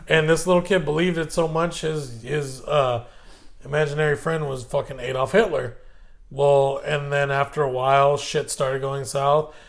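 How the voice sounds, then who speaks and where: Casual podcast co-host, Californian man, gravelly voice, swears freely and acts out scenes. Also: a little high. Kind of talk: casual chat.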